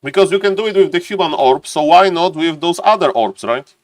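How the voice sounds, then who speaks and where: A man's voice: on the high side, animated, brisk. A man streaming live, walking viewers through a strategy game test step by step and greeting his chat.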